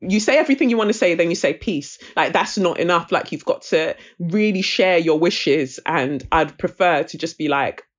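A woman guest chatting casually on a podcast, direct and animated, often mimicking other people's phrasing. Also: fairly low pitch, moderate pace, hardly any pauses, muffled recording. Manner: direct, animated storyteller who puts on voices. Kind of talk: casual chat.

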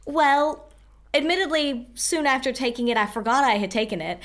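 A woman's voice: high voice, lively intonation, normal speed, fairly bright tone. A woman co-hosting a podcast, chatting casually and laughing easily while she tells stories. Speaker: podcast co-host. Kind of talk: casual chat.

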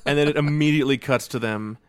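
A man's voice: mid-range voice, fast, clean tone. A man co-hosting a casual movie podcast, wry and chuckling as he retells scenes. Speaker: podcast co-host. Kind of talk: casual movie-recap chat.

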